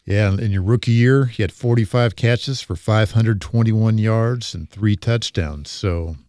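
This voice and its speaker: A man's voice: lowish voice, measured pace, a little mellow, dry recording, clean studio sound. A man interviewing a football player, asking short questions and giving brief affirmations. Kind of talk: sports interview.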